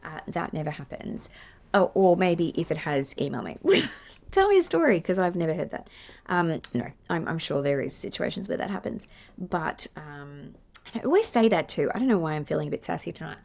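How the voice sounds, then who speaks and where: A woman's voice: low-pitched, fairly quick, creaky, darkish tone. An Australian woman, a play therapist, hosting her podcast and teaching in a chatty, self-deprecating way with many fillers and restarts. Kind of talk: casual teaching monologue.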